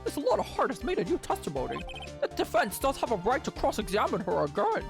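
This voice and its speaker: A woman's voice: on the high side, wildly swooping pitch, quick pace, creaky, music in the background, heavily acted. A woman voicing a timid old male judge with a stiff, formal courtroom manner while reading a game on stream. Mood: stern.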